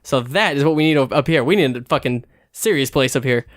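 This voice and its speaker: A man's voice: mid-range voice, fast talker, no echo, studio quality. A man chatting casually on a podcast, ranting and swearing a lot. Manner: profane, animated ranting. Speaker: podcast host. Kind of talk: casual chat.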